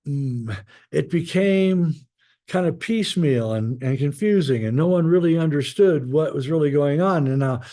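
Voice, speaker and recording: A man, a guest author, talking in a rambling, casual way with many pauses and fillers while telling stories. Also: on the high side, expressive, warm tone. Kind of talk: casual spoken storytelling.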